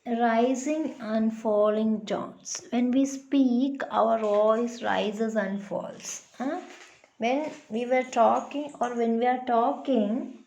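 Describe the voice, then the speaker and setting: A woman's voice: a little high, vocal fry, darkish tone, dull audio. A woman teacher giving a classroom lesson, explaining patiently and checking in with her pupils. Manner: slow, patient, checks in with "huh?".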